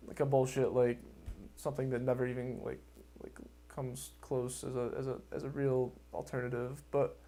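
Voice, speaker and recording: A man hosting a podcast in casual chat, rambling and animated, laughing often and swearing freely. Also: medium pitch, moderate pace. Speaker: podcast host.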